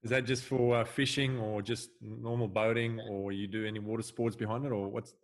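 A man's voice: lowish voice, a little fast. A man co-hosting a podcast, chatting casually with plenty of fillers and easy laughter. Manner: relaxed, laughs easily, trailing fillers. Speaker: podcast co-host. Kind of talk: casual chat.

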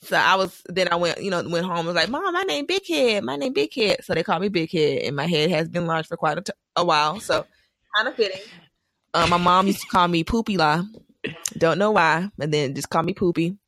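A young woman in casual chat, telling animated stories and laughing often. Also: fairly low pitch, brisk, slight background noise.

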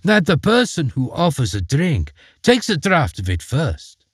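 A quick-witted young wife, composed and polite, voiced by a man reading a storybook. Her lines move through a wide pitch range with a husky grain, heard close and dry. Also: wildly swooping pitch, dry recording, full character voice. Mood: calm, cunning.

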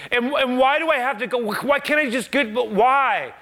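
Man doing a blind man, pleading and shrill, loud repeated questions. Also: heavily acted. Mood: exasperated. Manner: shrill, exasperated, rapid questioning.

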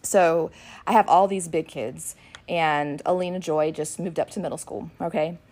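Animated middle-aged woman telling stories. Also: low-pitched, normal speed. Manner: animated, acts out her kids' voices when retelling. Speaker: podcast co-host and ministry worker. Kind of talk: casual chat with storytelling.

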